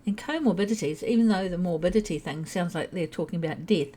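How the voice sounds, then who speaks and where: A woman's voice: lowish voice, fast, dark tone, slightly rough. An older woman talking to her viewers in a casual, chatty monologue, explaining things plainly with small restarts. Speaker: vlogger.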